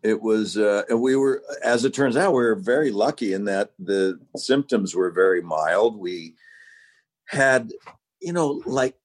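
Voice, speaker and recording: A man's voice: lowish voice, unhurried. A man chatting as a podcast guest over a phone video call, often chuckling as he talks. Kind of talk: casual podcast chat. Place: home without power.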